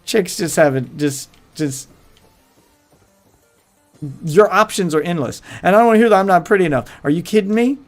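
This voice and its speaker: A man's voice: sits high, lively intonation, normal speed, pauses often. A man hosting his livestream, telling crude rambling stories in casual chat with faint music behind him. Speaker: livestream host.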